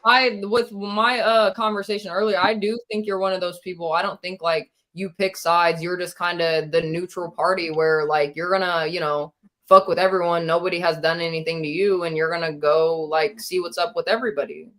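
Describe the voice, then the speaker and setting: Lady streamer just chatting, chill and reassuring, real bright voice. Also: fairly low pitch, steady tone, fairly quick. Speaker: streamer host. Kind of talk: casual stream chat.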